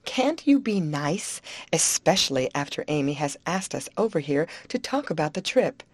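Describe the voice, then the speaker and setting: A woman's voice: low-pitched, sing-song, moderate pace, no room sound. A woman reading the lines of a kind teenage girl who keeps the peace among her friends. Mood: pleading. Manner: coaxing, soothing. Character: teenage girl Betty, kind peacemaker, anxious to avoid quarrels.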